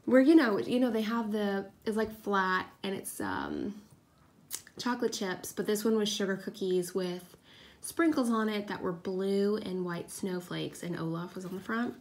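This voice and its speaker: A woman in her thirties hosting a crafting vlog, telling a rambling, self-deprecating story in a casual chatty way, sometimes dropping to a hush. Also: medium pitch, expressive, measured pace. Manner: drops to a hush at times, kids asleep nearby. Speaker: craft video host. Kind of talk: casual chat while crafting.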